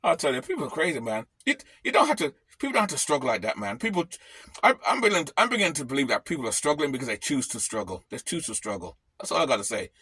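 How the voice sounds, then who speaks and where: A man's voice: on the high side, sing-song, very fast, pushed and bright, husky, dry recording. A man ranting bluntly on his vlog from his camper van, swearing freely. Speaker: vlogger.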